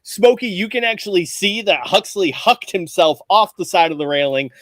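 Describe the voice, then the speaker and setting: High-voiced man running a tabletop game. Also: expressive, moderate pace, a bit bright, no echo. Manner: casual, laughs often, descriptive. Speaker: game master.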